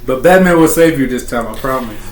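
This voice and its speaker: A man's voice: medium pitch, lively intonation, fairly quick. A man co-hosting a comic book podcast, laughing often, talking in slang and restarting his sentences. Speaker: podcast co-host. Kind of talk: casual comic book review chat. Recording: echoey room with faint hiss.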